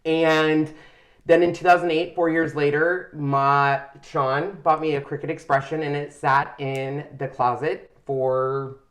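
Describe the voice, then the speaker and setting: A man's voice: a little high, little pitch movement, a little slow, fairly bright tone. A middle-aged man hosting a craft channel, telling his story in a casual, heartfelt and emotional way. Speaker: channel host. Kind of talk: casual chat.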